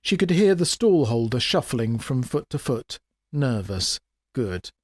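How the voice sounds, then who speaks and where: A man reading his own comic fantasy story aloud in a wry, expressive way. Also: medium pitch, a little slow, slightly rough, no echo, studio quality. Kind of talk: dramatic audiobook narration.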